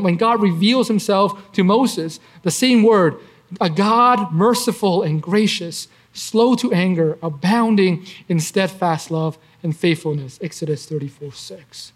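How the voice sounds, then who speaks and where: A man's voice: high voice, unhurried. A man giving conversational Bible teaching as a preacher, earnest, asking rhetorical questions and often restarting his phrases.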